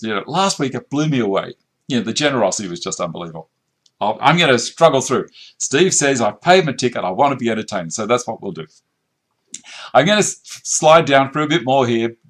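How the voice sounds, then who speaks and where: A man's voice: medium pitch, fairly bright tone. Chatty man hosting a live stream. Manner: casual, chatty, laughs easily. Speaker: woodworking channel host. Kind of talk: live stream chat, reading viewer comments.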